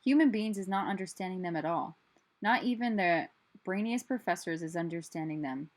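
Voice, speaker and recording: A woman reading aloud, voicing a kind old male giant who talks in gentle, jumbled grammar, in a lowish voice. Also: brisk, no room sound, natural voice. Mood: musing. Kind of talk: children's book read aloud.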